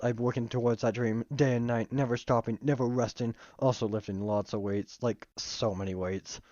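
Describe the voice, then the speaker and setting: A man's voice: mid-range voice, darkish tone, no room sound, close to an everyday voice. A vain, dramatic chef hero, put on by a man, speechifying grandly about himself in a clumsy put-on accent. The recording is dull and lo-fi, dry with no room sound. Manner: grandiose, self-centered speechifying.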